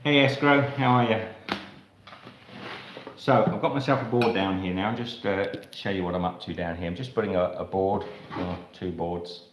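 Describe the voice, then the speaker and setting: An Australian man with a fairly low voice hosts a live cooking stream, chatting loosely with his viewers as he works. His voice rings around a roomy, echoey kitchen, with a faint hiss underneath. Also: steady tone, normal speed. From Australia, Melbourne. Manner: chatty and rambling, talking to viewers while he cooks. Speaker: cooking channel host.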